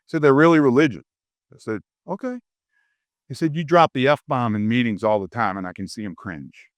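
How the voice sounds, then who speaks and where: A middle-aged man from Louisiana giving a humorous leadership keynote, a lively storyteller who acts out quoted voices. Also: lowish voice, fairly quick, dry recording. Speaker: keynote speaker. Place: conference stage.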